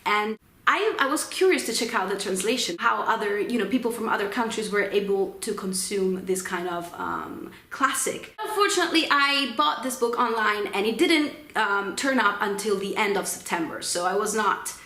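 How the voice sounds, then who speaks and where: A young woman from Italy, speaking English as a second language with an Italian accent, chatting casually to camera. She pauses often with ums as she talks. Her voice sits at an ordinary middle pitch and carries a noticeable room echo. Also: animated, pushed and bright. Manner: chatty, hesitant with frequent ums. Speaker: book vlogger. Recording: roomy echo.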